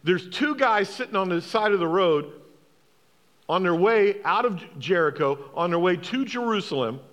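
Animated man preaching a sermon. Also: sits high, moderate pace, big-room sound. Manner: emphatic, repeats key phrases, asks the congregation questions. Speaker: pastor.

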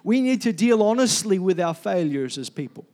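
Male pastor, high voice, loud and energetic sermon delivery. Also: moderate pace. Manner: energetic, loud, calls for congregation responses.

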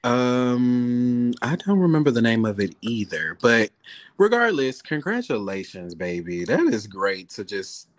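A man's voice: mid-range voice, sing-song, measured pace, dry recording. Candid, swearing man co-host. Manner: candid, swears freely, laughs often. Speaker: podcast co-host. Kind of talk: casual chat.

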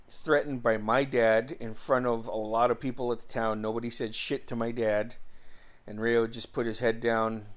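A man in his forties tells a story from his teenage years in a loose, rambling way. He swears freely, stops to restart sentences and leans on uh and um. His voice sits at an ordinary middle pitch. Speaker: vlogger. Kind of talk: casual storytelling.

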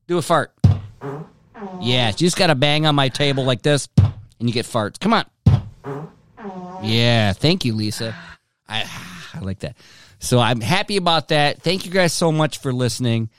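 A man's voice: mid-range voice, expressive, unhurried, pauses often, fairly bright tone, faint music behind. A man hosting his own podcast from home, rambling casually with lots of swearing and self-directed jokes. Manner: profane, rambling, joking with himself. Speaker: podcast host.

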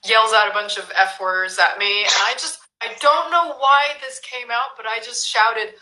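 A woman's voice: fairly high pitch, normal speed, hardly any pauses, bright, forceful tone, roomy sound, low-quality recording. A woman guest in a casual chat, thoughtful and reflective.

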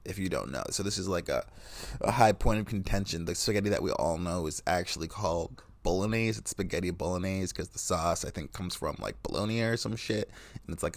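An American podcast host with a low, gravelly voice delivers a rambling, sarcastic, profane comedic monologue into a close mic, with no room sound.

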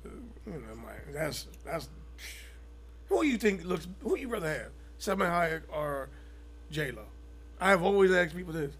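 A man with a fairly high voice, trading crude jokes on a casual podcast. He talks loosely and profanely and often acts out little quotes. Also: big pitch swings, moderate pace, fairly bright tone, slightly rough. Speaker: podcast co-host. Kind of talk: casual chat.

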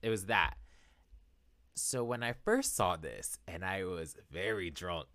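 Animated young man telling a story. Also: sits low, slow pace, no echo. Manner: animated storyteller, acts out quotes, laughs often. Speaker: podcast co-host. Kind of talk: casual chat.

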